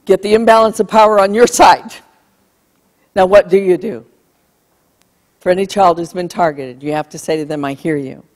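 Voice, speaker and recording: A woman's voice: lowish voice, steady tone, normal speed, pauses often, a little mellow. A woman giving an emphatic keynote talk on bullying to a live audience, acting out what parents and kids say. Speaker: speaker on bullying. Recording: long hall reverb.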